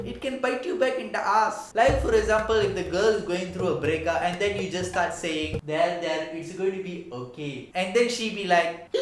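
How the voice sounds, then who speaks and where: A man's voice: very high voice, echoey room, slight background noise. A man hosting a comedy vlog, delivering a sarcastic, mock-exasperated monologue to camera.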